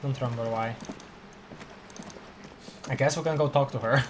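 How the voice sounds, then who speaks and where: Giggly streamer reading a game aloud. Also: male voice, medium pitch, steady tone, normal speed, background noise. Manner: laughs often, reads game text aloud with stumbles. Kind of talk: casual game playthrough commentary.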